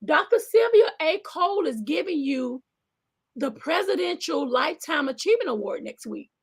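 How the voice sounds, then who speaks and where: A woman from the American South who hosts a talk show and pastors a church. She chats casually on a live stream, animated and exclamatory, reading out viewer comments. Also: sits high, normal speed.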